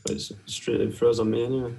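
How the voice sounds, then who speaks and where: A man's voice: mid-range voice, flat delivery, fairly quick, vocal fry, recorded from a distance, rough recording. A man co-hosting a live trading stream, joking around in a casual chat. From England. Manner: jokey, sings snatches of songs. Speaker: forex live stream co-host. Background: soft music and keyboard typing.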